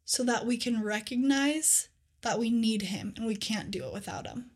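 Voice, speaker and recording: A young woman co-hosting a faith podcast, telling scripture stories in an earnest, animated casual way with lots of "like.". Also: on the high side, moderate pace, breathy edge. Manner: earnest, animated storytelling with many "like"s. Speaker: podcast co-host.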